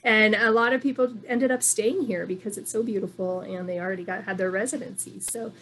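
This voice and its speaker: Woman chatting casually, lots of ums and restarts, middle pitch. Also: steady tone, fairly bright tone. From moved to Nevada from elsewhere. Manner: halting, many fillers and restarts. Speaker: guest from Reno. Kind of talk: casual online chat.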